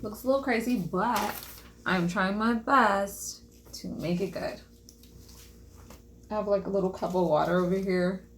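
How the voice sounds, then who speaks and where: A woman's voice: medium pitch, fairly even intonation, unhurried, pauses often, slight background noise. A young woman chatting to viewers while she paints a craft, casual and self-deprecating. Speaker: vlogger. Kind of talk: casual craft vlog chat.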